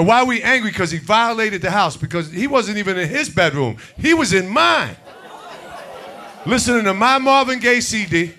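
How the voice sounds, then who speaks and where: A man hosting a comedy show, doing brash stand-up and talking to the audience from a stage mic. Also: high-pitched. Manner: brash, animated, talks to the audience. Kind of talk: stand-up comedy and crowd work.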